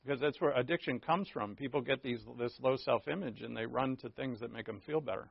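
A man preaching a sermon, telling stories with animated acted-out quotes and laughing at himself. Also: medium pitch, fairly quick, vocal fry, breathy edge, dry recording. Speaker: pastor. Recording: dull, dry lo-fi recording.

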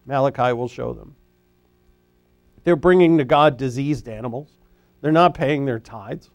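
A man preaching an expository sermon in a conversational, animated way, often restarting his sentences. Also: mid-range voice, no room sound. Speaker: pastor; former high school teacher.

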